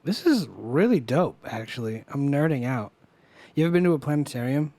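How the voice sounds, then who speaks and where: A man co-hosting a casual podcast chat, excited and swearing freely as he nerds out. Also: mid-range voice, a little fast, no echo. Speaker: podcast co-host.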